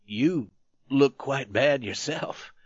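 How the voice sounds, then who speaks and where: A man's voice: medium pitch, slightly rough, no echo, lo-fi sound. A man doing a rambling wounded soldier. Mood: concerned. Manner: pleading, halting, repeats himself.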